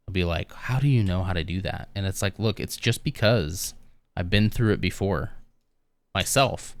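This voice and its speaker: A man's voice: low-pitched, a bit bright, no echo. A man streaming live, chatting casually with viewers in a rambling, easygoing way with lots of fillers.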